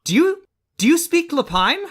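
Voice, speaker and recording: A man voicing a small captive talking rabbit that pleads politely in a flustered, rushed way during a tabletop game. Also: extremely high pitch, sing-song, fairly bright tone, voice pushed up, exaggerated voice. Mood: flustered pleading.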